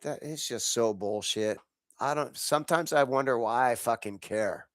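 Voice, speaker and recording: Congested from allergies, this man hosts a podcast and delivers a profane football rant, sounding angry and exasperated and laughing in bursts. He has a mid-range voice at a moderate pace. It's a studio-quality recording with no echo.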